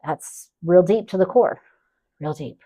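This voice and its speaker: A woman co-hosting a casual podcast chat, telling profane, animated stories with acted-out quotes. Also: on the low side, measured pace, breathy edge. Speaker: podcast co-host and therapist.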